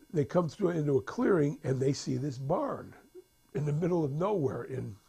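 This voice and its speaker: Gravelly yet mellow, with a breathy edge and a slightly high pitch, a man loosely recounts what happens in a film. He keeps restarting, fills gaps with filler words, and voices the characters' dialogue himself.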